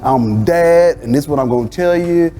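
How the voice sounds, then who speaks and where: A man serving as pastor and host swaps stories in relaxed conversation, his voice mellow and warm. He acts out family dialogue with animated pitch swings and bursts of laughter. Faint music plays beneath. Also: normal speed. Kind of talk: casual conversation.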